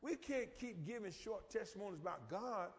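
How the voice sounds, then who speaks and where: A middle-aged male pastor delivers a folksy, informal sermon with dialect and call-and-response. His voice is high and animated at a normal speed, echoing through the church hall.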